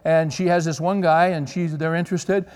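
A man's voice: a little high, little pitch movement, normal speed, a little mellow, clean tone. A middle-aged man preaching a sermon, telling stories in a conversational way and checking in with the audience. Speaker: pastor. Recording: long reverb of a large hall.

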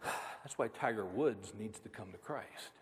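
A man's voice: on the low side, measured pace, slight background noise. Preaching man in an echoing hall. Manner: storytelling, rising to emphatic preaching. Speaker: pastor. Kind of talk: sermon.

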